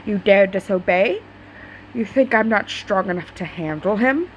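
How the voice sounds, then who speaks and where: A woman's voice: mid-range voice, lively intonation, normal speed, muffled recording, a little hiss or hum, lightly acted. A woman reading aloud the lines of a cheerful, commanding young male prince in a fan story, in her own voice. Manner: read-aloud, plain.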